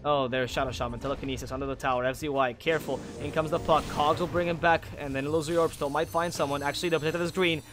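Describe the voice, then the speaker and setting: Fast-talking opinionated male game caster. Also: on the high side, steady tone, noisy background. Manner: opinionated, drifts into critical rants; frequent self-corrections and repeated words. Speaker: esports caster. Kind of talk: solo play-by-play commentary.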